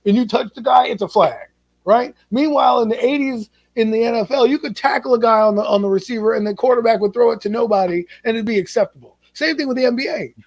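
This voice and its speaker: A middle-aged man with a notably high voice argues his case in a heated sports chat, pressing and repeating his points. The recording is dry and close, with almost no room sound. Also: fast talker, creaky, no room sound. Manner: emphatic, lecturing, repeats points. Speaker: podcast co-host. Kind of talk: heated casual sports debate.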